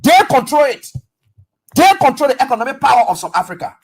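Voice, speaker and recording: High-pitched, quick and a bit breathy, a radio talk host with a Liberian English accent runs an animated political commentary, acting out dialogue and throwing out rhetorical questions.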